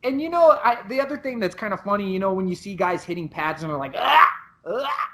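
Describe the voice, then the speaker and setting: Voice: mid-range voice, fast, noisy background. A podcast co-host and Muay Thai coach, explaining things in a casual way with many restarts. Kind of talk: casual chat.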